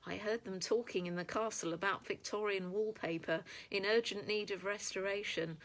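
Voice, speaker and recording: A woman's voice: mid-range voice, steady tone, moderate pace, lightly acted. A woman doing a sulky whining corgi. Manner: sulky, sheepish. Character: surly whining male corgi dog.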